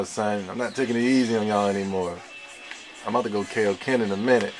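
A young man giving live gameplay commentary, trash-talking his opponents with slang and an excitable manner. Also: fairly low pitch, fast, soft background music. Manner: excitable trash talk with slang, shouts and laughs. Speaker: gamer playing online.

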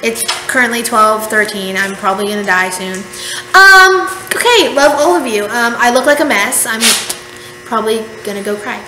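A woman's voice: fairly high pitch, animated, moderate pace. A young woman vlogging casually late at night, tired and rambling, cutting herself off and restarting as she chats to the camera at home. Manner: rambling, self-interrupting, tired and chatty. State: sleepy. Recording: echoey room with faint hum.

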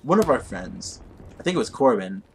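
A man's voice: medium pitch, big pitch swings, moderate pace, a little hiss or hum. A young man casually telling a rambling, profane story while commenting on his gameplay. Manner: rambling, profane, easily distracted by the game.

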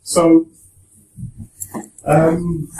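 A man's voice: a little high, little pitch movement, extremely slow, mellow. A young man giving a casual, joking talk to students, chatty and full of restarts. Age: young adult. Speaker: guest speaker at a university talk. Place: lecture room. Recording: echoey room from far off.

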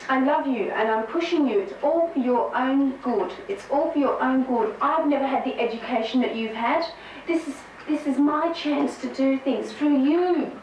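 A woman's voice: high-pitched, darkish tone, far from the mic, lightly acted. A woman playing a pushy, doting mother who urges her grown daughter on, with insistent, repetitive pleading. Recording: echoey room with background noise.

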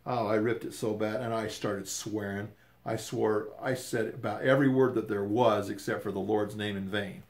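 A man's voice: fairly low pitch, steady tone, normal speed. Older man, casual storytelling, rambling, repeats words.

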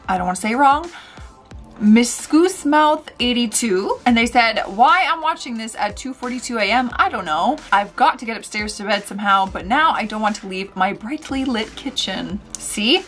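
A woman hosting a casual reaction vlog, sassy and animated, with loud outbursts and slow mutters. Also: a little high. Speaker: YouTube reaction host.

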